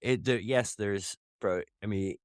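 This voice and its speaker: A deep-voiced man co-hosts a casual sports podcast and rambles from point to point, cursing freely and restarting his sentences. His voice is close and dry, with no room sound. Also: a little slow, smooth, no echo. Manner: rambling and profane, with many restarts. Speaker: podcast co-host.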